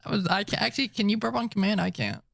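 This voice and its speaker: With a sing-song, gravelly, slightly bright high voice, this young podcast co-host jokes around with his partner in a relaxed way, laughing readily. The talk centers on tabletop roleplaying, recorded cleanly in a studio without echo.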